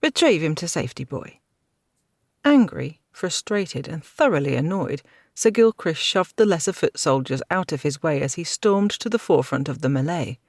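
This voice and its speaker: A woman narrating a fantasy audiobook with a steady, dramatic reading. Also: low voice, normal speed, dry recording, studio quality.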